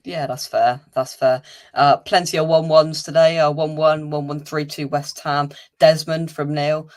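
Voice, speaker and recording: A man's voice: a little high, little pitch movement, measured pace. A man hosting a casual, upbeat football fan show, chatting with guests and laughing easily. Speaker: host of a fan channel's pre-match show.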